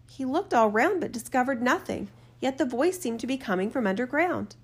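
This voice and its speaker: A woman narrating a fairy tale in a steady, measured reading voice. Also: high-pitched, slightly rough. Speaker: storyteller. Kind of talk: storybook narration.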